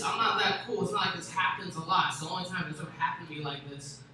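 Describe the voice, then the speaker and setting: Echoey young male stand-up comic. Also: sits high. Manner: crude, rambling, animated storytelling. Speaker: stand-up comedian. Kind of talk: stand-up storytelling. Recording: echoey room with faint noise.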